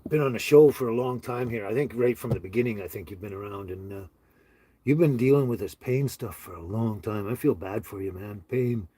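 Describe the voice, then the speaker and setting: A man hosting a casual livestream on his phone, talking slowly to viewers with many fillers and halting restarts. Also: on the low side, dark tone, slightly rough, dry recording. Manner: slow, halting, sympathetic talk with many fillers. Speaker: livestream host. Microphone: handheld phone.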